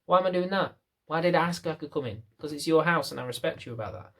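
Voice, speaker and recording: A young British dog trainer rants to camera, venting with lots of rhetorical questions in a British English accent. His voice is a little high and fairly bright, and he talks fast.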